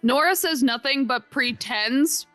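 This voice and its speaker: Woman player, bright and lively, rambly, dry close sound. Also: sits high, unhurried, no room sound, faint music behind. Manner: rambling, full of "like". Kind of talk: casual tabletop play.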